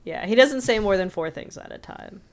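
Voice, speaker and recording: A woman co-hosting a casual film podcast, chatty and quick to laugh, often quoting lines in a flat, deadpan voice. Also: medium pitch. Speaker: podcast co-host.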